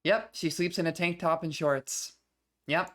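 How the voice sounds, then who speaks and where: A woman's voice: on the low side, fairly even intonation, measured pace, fairly bright tone. A woman streamer giving casual let's-play commentary with wry, joking asides.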